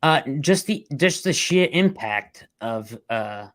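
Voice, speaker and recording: A man's voice: on the high side, lively intonation, fairly bright tone, no echo. Blunt New man, dry close sound. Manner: blunt, halting, with restarts. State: fighting back tears. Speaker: interview guest, rescue worker. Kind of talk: emotional storytelling.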